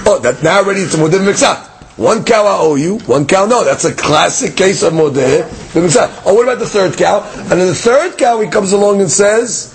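A man's voice: a little high, expressive, brisk, a little hiss or hum. A man teaching a daily Talmud lesson, explaining case by case and asking and answering his own questions. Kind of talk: Daf Yomi lesson.

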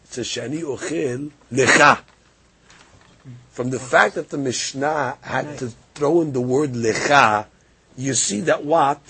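A man teaching a daily Talmud class for a podcast, quoting the text and explaining it in lively English. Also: fairly high pitch, creaky, breathy edge.

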